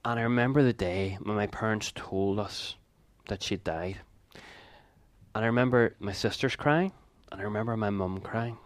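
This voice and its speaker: An earnest preacher in his fifties with a somewhat low voice, telling a personal story with asides and quick laughs. The sound is dry and close, with no room around him. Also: no echo.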